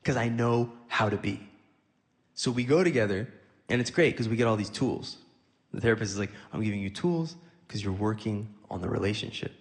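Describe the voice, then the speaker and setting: Brisk and animated, this stand-up comedian has a lowish voice that carries through a large hall. He spins conversational stories, voicing both sides of the dialogue, while a live audience laughs.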